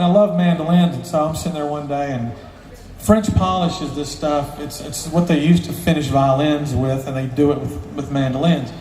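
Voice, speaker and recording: A man's voice: a little high, darkish tone, a little hiss or hum. A man telling a long story, rambling and profane, with joking asides. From Southern US. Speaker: storyteller, luthier. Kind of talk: casual live storytelling. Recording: echoey hall, distant mic, faint ambience.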